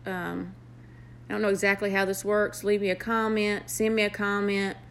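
A woman's voice: medium pitch, little pitch movement, fairly bright tone, a little hiss or hum. A young woman with a Southern US accent, an earnest nurse speaking to her viewers in a motivational vlog. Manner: earnest, heartfelt, with pauses and fillers. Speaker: nurse vlogger.

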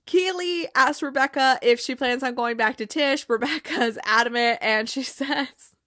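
A woman's voice: high-pitched, unhurried, bright, forceful tone, no room sound, clean studio sound. A young woman casually recapping a TV episode, chatty, acting out the characters' lines with fillers and laughs.

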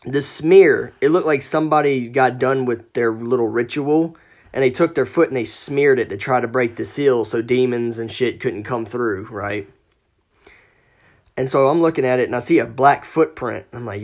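A man's voice: medium pitch, fairly quick, darkish tone. A man telling a ghost story as a podcast guest, casual and profane, acting out the quoted lines.

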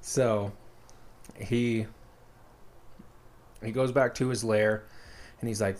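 A man's voice: fairly low pitch, fairly even intonation, slow, pauses often, a little mellow. A man casually retelling a story as a podcast co-host, rambling with lots of fillers.

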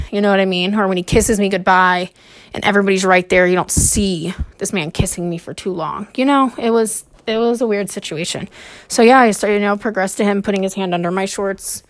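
Woman podcast host, solo story monologue, halting, nervous, a little breathless, mid-pitched. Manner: hesitant, with frequent pauses and fillers.

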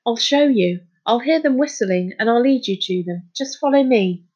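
A man's voice: very high-pitched, lively intonation, darkish tone, husky, dull audio, voice pushed up, exaggerated voice. A woman voicing an earnest schoolboy who stumbles over his words while confessing something strange, in a storybook reading. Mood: urgent. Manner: hesitant, halting, pleading. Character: earnest boy who turns dolphin-like.

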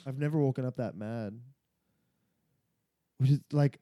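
A man's voice: medium pitch, unhurried, dark tone, no room sound, studio quality. A man co-hosting a podcast in casual chat, telling stories animatedly and swearing freely. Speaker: podcast co-host.

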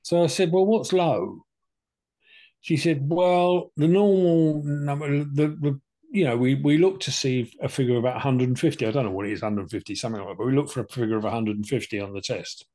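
At a quick pace, an older podcast co-host casually shares the story of his cancer in a mid-range, slightly mellow voice. He comes across chatty and plain-spoken, voicing both parties in his recounted conversations.

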